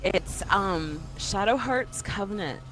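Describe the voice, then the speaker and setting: A woman's voice: medium pitch, animated, slow pace, over loud music. A woman guest on a gaming podcast, chatting eagerly about the games she loves. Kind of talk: casual gaming chat while playing.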